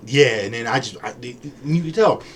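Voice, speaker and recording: A man's voice: medium pitch, expressive, normal speed, a little hiss or hum. A man co-hosting a podcast, telling playful, jokey stories in casual chat. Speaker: podcast co-host.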